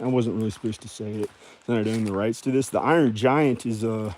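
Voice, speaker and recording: A man rambling and joking casually to viewers as he clears out old junk. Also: mid-range voice, darkish tone. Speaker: video creator.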